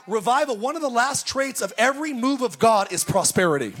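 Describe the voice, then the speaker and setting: A male pastor preaching a sermon at a church service, telling stories and breaking into shouted exclamations. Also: very high voice, expressive, a little fast, a little hiss or hum. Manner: storytelling, bursts into shouted exclamations.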